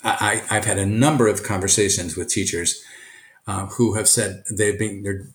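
An older man from Brooklyn, a retired teacher and author, answering interview questions earnestly, often halting and restarting. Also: lowish voice, fairly even intonation. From Brooklyn, USA. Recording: echoey room.

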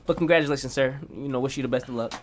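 A man co-hosting a casual sports chat, loose and excitable, swearing and laughing often. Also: mid-range voice, very fast, a little hiss or hum. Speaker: podcast co-host.

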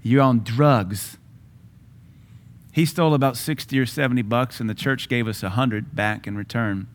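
Middle-aged male pastor, forceful repetitive sermon delivery, average pitch. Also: a little fast. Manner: emphatic, repetitive preaching cadence.

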